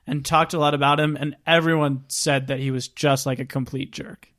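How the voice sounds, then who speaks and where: A man's voice: mid-range voice, flat delivery, normal speed, fairly bright tone. A man co-hosting a podcast, casually recounting background stories with lots of filler "like". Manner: recounting production background in a chatty, informal way with frequent "like". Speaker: podcast co-host.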